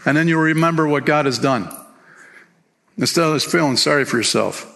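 A man preaching as a church pastor, lively and casual, reading aloud and singing short lines. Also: a little high, normal speed, vocal fry. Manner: animated, sings hymn lines and reads book passages aloud. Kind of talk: sermon. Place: church sanctuary. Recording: long hall reverb.

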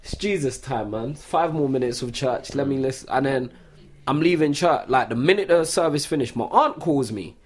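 Young podcast host, husky, animated storyteller, mid-pitched. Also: male voice, normal speed. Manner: animated storytelling full of "like" fillers. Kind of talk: casual chat.

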